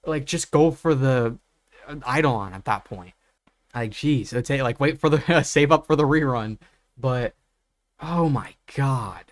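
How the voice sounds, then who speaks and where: A man's voice: mid-range voice, unhurried, dry recording. A young man ranting about game builds, exasperated and profane, with lots of fillers. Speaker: gaming YouTuber. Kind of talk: unscripted rant.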